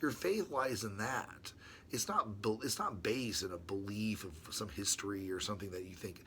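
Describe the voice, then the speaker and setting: Low-voiced man reading his letter, hesitant. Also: animated, moderate pace, bright, forceful tone, slight background noise. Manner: hesitant, many restarts and fillers; chuckles to himself between passages. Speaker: channel host. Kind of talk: reading his own letter aloud with rambling asides.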